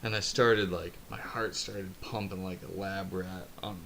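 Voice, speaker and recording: A man's voice: deep voice, steady tone, a little slow, vocal fry, a bit bright, a little hiss or hum. A young man hosting a podcast, telling a long story in casual chat, rambling and swearing, laughing at his own jokes.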